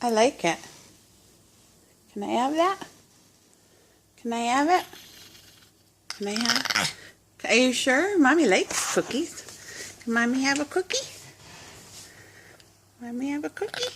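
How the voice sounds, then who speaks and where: A woman speaks slowly in playful baby talk, coaxing her pet dog. Her voice is high and swoops widely as she teases and laughs. It is a homemade phone recording with clear background noise. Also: animated.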